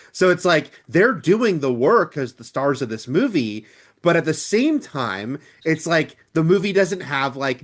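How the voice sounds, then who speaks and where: A man co-hosting a movie podcast, chatting casually in animated, rambling asides. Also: fairly high pitch. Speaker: podcast co-host. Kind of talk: casual chat.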